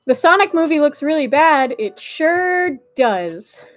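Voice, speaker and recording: A woman chats casually on a relaxed live stream, answering her viewers one by one. Her voice sits high, and her manner is bubbly and friendly, with frequent laughter between lines. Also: takes it slowly, faint music behind. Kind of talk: casual chat reading a live chat.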